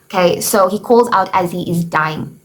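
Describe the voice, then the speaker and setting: A woman's voice: fairly low pitch, moderate pace. A woman teacher recapping a play for students in a casual lesson, filling her talk with "okay" and "you know" and paraphrasing the characters' lines. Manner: chatty, explains with paraphrased quotes, frequent "okay" and "you know".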